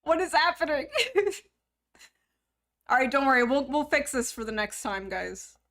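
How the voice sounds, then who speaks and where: A woman's voice: sits high, expressive, normal speed, a bit bright. A young woman streamer chatting casually to her viewers, joking, rambling and poking fun at herself. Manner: joking, rambling, self-mocking. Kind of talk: casual live-stream chat.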